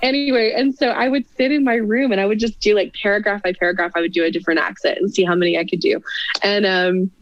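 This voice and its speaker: A woman's voice: medium pitch, steady tone, quick pace, dry recording. Chatty young woman, dull dry sound. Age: 20s. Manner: chatty, laughs often, self-deprecating asides. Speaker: podcast guest. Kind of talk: casual chat.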